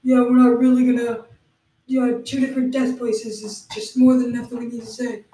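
Flat, mellow-voiced woman co-host. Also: fairly high pitch. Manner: flat, halting explanations. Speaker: podcast co-host. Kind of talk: improvised comedy podcast. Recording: roomy, distant mic.

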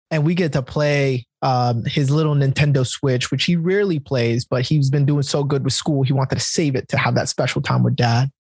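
A man's voice: medium pitch, a little mellow, dry recording. A man telling a personal story in a casual, heartfelt conversation, earnest and confessional. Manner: earnest, confessional, calls listener "bro".

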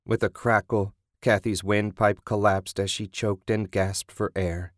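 A man with a low voice reads a gory horror story in a steady, measured way. The recording is dry and close, with no room sound. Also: no room sound. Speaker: narrator. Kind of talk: scripted horror audiobook narration.

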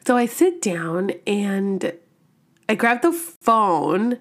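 A woman's voice: mid-range voice, big pitch swings, extremely slow, fairly bright tone. Profane rambling woman telling a story. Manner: rambling, profane, heavy use of "like" fillers; slang-filled, laughs when nervous. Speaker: podcast host. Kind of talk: casual storytelling.

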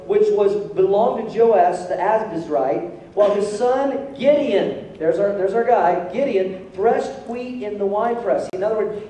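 A man's voice: sits high, warm tone. A man preaching a sermon as a pastor, joking and acting out the voices of the people in his story. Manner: jokey, acts out voices of the figures. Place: church sanctuary. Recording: echoey hall from far off, faint noise.

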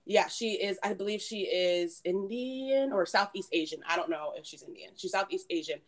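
A woman's voice: medium pitch, normal speed. A woman in her late twenties co-hosting a podcast, chatting casually with friends and filling her talk with "like" and "um". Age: 20s. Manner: chatty, giggly, lots of "like" and "um". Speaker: podcast co-host. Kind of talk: casual chat.

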